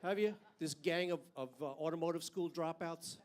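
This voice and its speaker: A man's voice: fairly high pitch, normal speed. An older man doing a stand-up comedy routine on a club stage with a handheld mic, brash and profane, landing punchlines hard.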